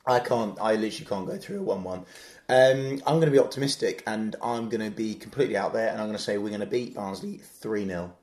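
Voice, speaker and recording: A man's voice: fairly low pitch, fast, darkish tone. A man co-hosting a football podcast, enthusiastic and playful in casual chat. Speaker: podcast co-host. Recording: echoey room.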